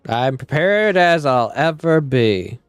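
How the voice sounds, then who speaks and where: A man's voice: mid-range voice, lively intonation, takes it slowly, smooth, dry recording, soft background music. A man chatting casually while playing a game, answering questions from his chat. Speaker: gaming streamer. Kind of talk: casual gameplay commentary.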